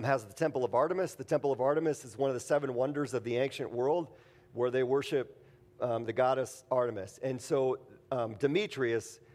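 A man's voice: medium pitch, a little mellow. A man preaching a conversational sermon, mixing scripture reading with jokey everyday stories. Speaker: pastor. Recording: long hall reverb.

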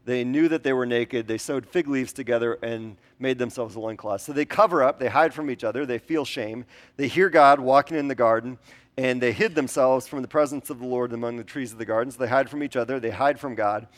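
A man's voice: mid-range voice, fairly quick. Conversational male pastor preaching. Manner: conversational, with frequent ums and rhetorical questions to the congregation. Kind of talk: sermon.

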